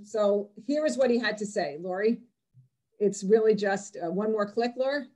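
A woman with a fairly high voice gives an informal online talk. She rambles in a friendly way, with lots of "like" and false starts. Her voice comes through a video-call mic. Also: normal speed, darkish tone. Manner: chatty, many fillers and restarts. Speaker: presenter on Israeli music.

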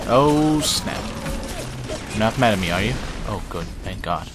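A man's voice: fairly low pitch, lively intonation, unhurried, pauses often, over music. A man giving casual let's-play commentary, jumpy and self-mocking, pleading with and talking to the game's characters. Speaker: gameplay commentator.

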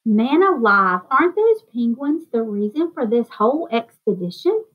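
A woman reading aloud and voicing a gruff, bossy male ship admiral who roars his orders in a storybook reading, on a dull, lo-fi recording. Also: very animated, normal speed. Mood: hearty insistence. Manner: booming, insistent. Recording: dull lo-fi sound.

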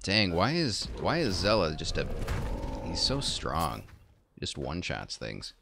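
A man's voice: sits low, wildly swooping pitch, a little slow, gravelly, background noise. A man streaming a game and chatting casually at his PC, rambling and correcting himself as he plays. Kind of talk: casual gameplay commentary.

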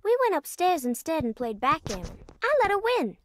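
A woman's voice: very high voice, big pitch swings, a little fast, slight background noise. A woman voicing an eerie young girl in a game who teases with sweet, oddly formal mockery. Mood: teasing.

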